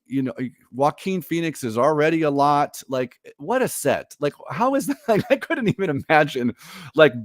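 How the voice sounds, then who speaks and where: A man's voice: a little high, no echo, clean studio sound. A man co-hosting a podcast, chatting casually and animatedly, often laughing and reading quotes aloud. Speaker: podcast co-host. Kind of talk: casual chat.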